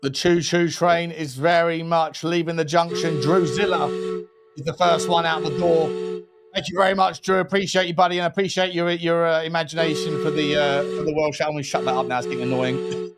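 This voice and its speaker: Upbeat man, slightly high voice. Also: little pitch movement, a little fast, over loud music. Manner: upbeat and playful, chummy with viewers. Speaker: co-host of a football podcast. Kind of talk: casual live-stream chat with viewer shout-outs.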